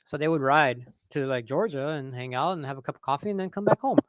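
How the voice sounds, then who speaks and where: A man's voice: on the high side, animated, quick pace, dry recording, dull audio. A man chatting casually about motorcycle trips on a livestream, rambling and laughing often. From California. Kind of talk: casual chat.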